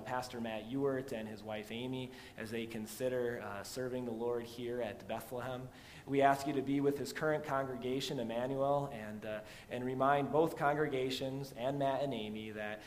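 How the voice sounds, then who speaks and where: A man preaching a sermon as pastor, moving from loud emphatic passages to quiet storytelling. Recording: long hall reverb with faint rumble.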